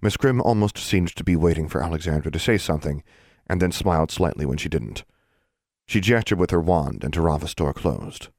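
Low-voiced male audiobook narrator. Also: expressive, a little fast, vocal fry, a little mellow, no room sound, clean studio sound. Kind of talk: scripted narration.

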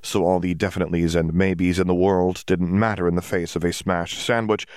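A man narrating a story in a steady, even reading manner. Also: sits low, a little fast, smooth, no room sound, studio quality.

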